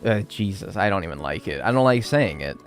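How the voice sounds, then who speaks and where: A man's voice: sits low, lively intonation, fairly quick. An American man chatting casually on a live stream while playing a game, joking around and swearing freely.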